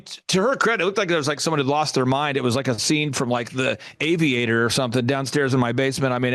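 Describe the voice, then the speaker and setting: A middle-aged man hosting a business show, telling a motivational story in an animated way and acting out the people in it. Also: a little high, no echo, studio quality. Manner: animated, acts out voices in his stories. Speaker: host.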